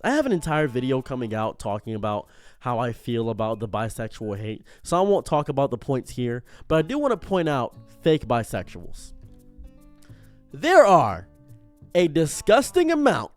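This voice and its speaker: A man giving an unscripted commentary monologue as a streamer, animated and prone to tangents, often stopping himself mid-sentence. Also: medium pitch.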